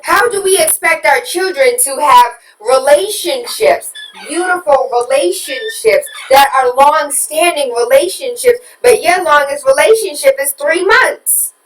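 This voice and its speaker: A woman's voice: high voice, animated, a little slow, hardly any pauses, reverberant, distant mic, faint music behind, poor audio. A woman hosting a talk radio show, preaching at listeners with rhetorical questions and candid confessions about her own parenting.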